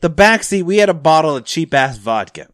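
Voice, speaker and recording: A man's voice: on the high side, big pitch swings, a little fast, a bit bright, no echo, studio quality. A young adult man telling a story in casual, profane podcast talk. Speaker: podcast host.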